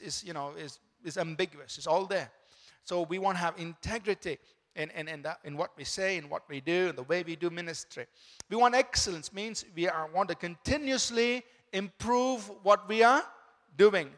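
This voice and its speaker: A male pastor delivers a sermon in a high voice, leaning hard on his key phrases and calling out to the congregation for an amen. His voice rings with long reverb through a church sanctuary. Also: fairly bright tone. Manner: emphatic, repeats key phrases, calls out "Amen?".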